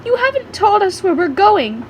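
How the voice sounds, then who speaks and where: A woman's voice: very high voice, big pitch swings, normal speed, a little hiss or hum, voice pushed up, rough recording. A woman doing a stammering, jittery skeleton guy. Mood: nervous. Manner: stammering, nervous. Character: jittery young male skeleton, eager to serve.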